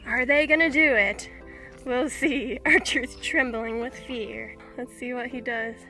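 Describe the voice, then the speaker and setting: A woman's voice: on the high side, fairly even intonation, a little slow, over music. A woman from Minnesota, chatting casually in a travel vlog by a lake, laughing often and coaxing her dog. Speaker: vlogger. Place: outdoors by a lake.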